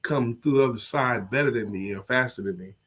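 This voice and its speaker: A man co-hosting a motivational show, talking slowly and softly while he recovers from an illness. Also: medium pitch. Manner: slow, tired, soft-spoken. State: sick, low energy, recovering from covid. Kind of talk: casual chat.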